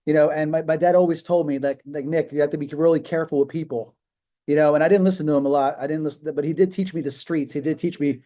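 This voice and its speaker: A man in his fifties hosts a live video call and talks off the cuff, emphatic and rambling, full of restarts and fillers. His voice sits a little high but sounds dark and mellow. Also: fairly even intonation, quick pace, hardly any pauses. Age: 50s. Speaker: host of a live business call. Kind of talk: casual motivational talk.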